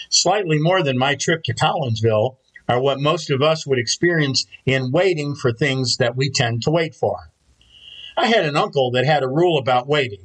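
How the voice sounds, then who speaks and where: A man preaching a sermon in a measured, storytelling manner. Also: on the high side, fairly bright tone, husky, poor audio. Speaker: pastor.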